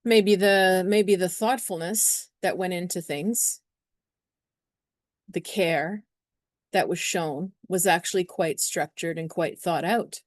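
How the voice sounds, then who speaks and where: Chatty low-voiced woman astrologer. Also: slow, no echo, studio quality. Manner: chatty and meandering, acting out little scenes. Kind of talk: casual astrology talk to camera.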